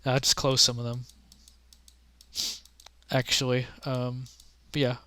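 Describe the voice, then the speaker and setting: A man giving casual, rambling commentary on games he has played, halting with many restarts and fillers and offering frank, offhand opinions. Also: mid-range voice, monotone, pushed and bright, dry recording. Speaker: gaming content creator.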